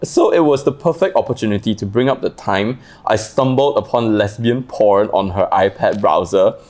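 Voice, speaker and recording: A woman's voice: rumbling low, moderate pace, a little mellow. A woman, a podcast guest chatting casually and reading listener stories, laughing often. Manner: giggly, laughs often, voice leaps up when laughing.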